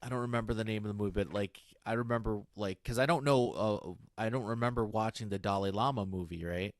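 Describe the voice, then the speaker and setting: Lowish guy rambling in casual chat, lots of likes and uhs, dry sound. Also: fast talker, no room sound. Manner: rambling, many fillers and restarts. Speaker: guest on a comic stream.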